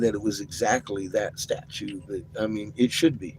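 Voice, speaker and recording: An excitable man talks in a loose, rambling vlog, cursing freely and breaking into laughter. His voice sits a bit low. A steady noise runs under the recording, with the sound of a vehicle. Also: normal speed, hardly any pauses. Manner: excited, profane, laughing often. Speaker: vlogger. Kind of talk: rambling casual vlog talk. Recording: noisy, with vehicle ambience.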